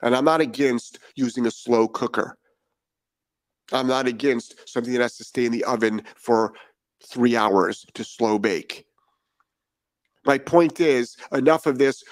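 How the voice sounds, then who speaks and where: A man's voice: medium pitch, measured pace, pauses often, no echo. A man talking as a dog trainer in a podcast monologue, blunt and profane and firing off rhetorical questions.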